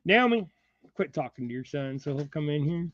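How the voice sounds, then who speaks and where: A man's voice: fairly high pitch, lively intonation, brisk, a bit bright, dry recording. A man hosting a fishing channel from home, chatting in a rambling, folksy way while tying jigs, often chuckling. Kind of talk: casual live chat while tying jigs. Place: home, indoors. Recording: dull, slightly muffled sound.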